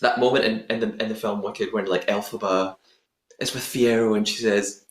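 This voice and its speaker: A man's voice: on the low side, steady tone, fairly quick. A man hosting a podcast, recapping an episode in a playful, chatty way with lots of puns. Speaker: podcast host. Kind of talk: casual podcast recap chat. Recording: roomy echoing room sound.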